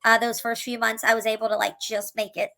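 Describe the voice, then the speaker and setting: A woman's voice: fairly high pitch, flat delivery, a little fast, gravelly, sharp tone, low-quality recording. A woman, a single mother, earnestly telling her own life story to camera, emotional, with tumbling restarts and repeated words. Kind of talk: candid personal storytelling to camera.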